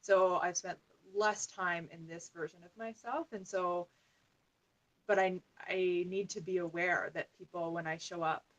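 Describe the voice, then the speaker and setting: A woman wellness coach as a podcast guest, talking in an animated way with frequent "like". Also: lowish voice, measured pace, lo-fi sound. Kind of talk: conversational podcast interview.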